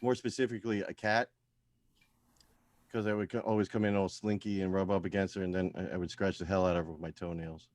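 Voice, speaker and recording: Deadpan man mumbling his stand-up set. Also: low voice, fast, a little hiss or hum. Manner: mumbling self-deprecating asides, trailing off quietly. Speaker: stand-up comedian at open mic. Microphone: video call.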